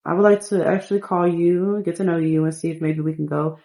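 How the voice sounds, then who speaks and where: A smooth-talking man courts a woman in soft, polite tones, as a woman puts him on for a life-sim game. The voice sits a little low and hushed, gently wooing. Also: level tone, brisk, close to an everyday voice. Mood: flirty. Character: smooth-talking flirty male Sim suitor.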